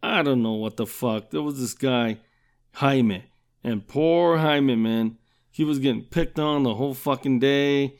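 A man's voice: mid-range voice, unhurried, clear, resonant tone. A man hosting his own podcast, telling crude comic stories, swearing constantly and asking you know what I'm saying. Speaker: podcast host. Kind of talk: profane comedic storytelling.

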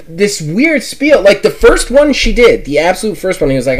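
A man's voice: sits high, sing-song, normal speed. A man co-hosting a casual gaming podcast, blunt and mocking, swearing and laughing as he riffs on a game showcase. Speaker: podcast co-host.

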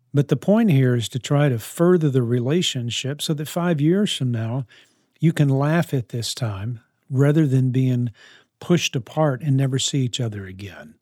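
A man's voice: medium pitch, a little mellow, dry recording, studio quality. A man answering parenting questions in an earnest, coaching way, often restarting his sentences. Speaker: parenting advice speaker.

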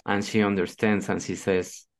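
Low-voiced man, halting podcast talk. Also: level tone. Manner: halting, repeats words while searching for phrasing. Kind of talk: casual podcast conversation.

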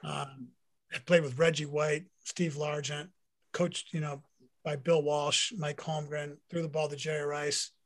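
Earnest middle-aged man, higher voice. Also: a little slow. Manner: earnest, animated storytelling. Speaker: guest, former pro football player. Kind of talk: personal faith testimony in conversation.

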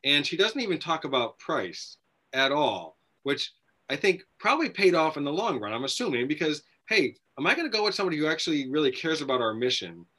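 A man's voice: on the high side, big pitch swings, brisk, sharp tone. A man hosting a casual interview, prompting his guest and recapping her stories with hesitant fillers. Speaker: host.

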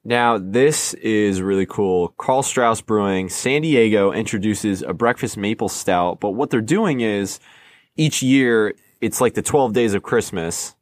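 A man's voice: fairly low pitch, measured pace. A man co-hosting a casual beer podcast, joking around and stumbling over names as he reads them. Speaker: podcast co-host. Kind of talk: casual chat. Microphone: close microphone.

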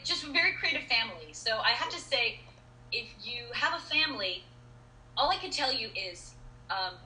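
A middle-aged woman speaks as an interview guest. Her voice is very bright and sits a little high. She talks in lively bursts full of restarts and fillers, and the room around her echoes. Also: a little hiss or hum. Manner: animated storyteller with many restarts and fillers. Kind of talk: casual interview chat. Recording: roomy echo.

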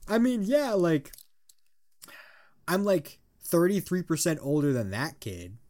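A man's voice: a little high, wildly swooping pitch, a little slow, darkish tone. A man in his twenties co-hosting a podcast, telling rambling stories with frequent laughter and casual swearing. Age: 20s. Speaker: podcast co-host. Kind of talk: casual chat.

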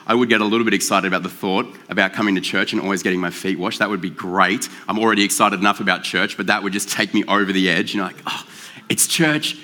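A man preaching a sermon in a relaxed, joking, conversational way, slowing down to stress key words. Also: sits low. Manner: conversational and joking, with drawn-out emphasis. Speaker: pastor. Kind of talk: casual sermon.

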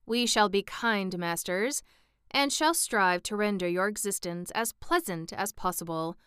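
A woman voicing a kind, wise male scarecrow in a storybook reading, measured and gentle. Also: medium pitch, clear, resonant tone, no echo, studio quality, lightly acted. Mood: kindly. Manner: kindly, measured. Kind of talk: audiobook reading.

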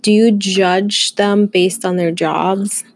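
A woman's voice: medium pitch, takes it slowly. Chatty woman hosting a casual talk. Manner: animated storyteller, leads with questions. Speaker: host. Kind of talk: casual chat.

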